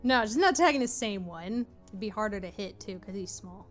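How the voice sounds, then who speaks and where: A woman's voice: medium pitch, expressive, a little fast, faint music behind. Casual, laughing woman player. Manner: casual, laughing, swears freely. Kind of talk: playing a tabletop game, live stream.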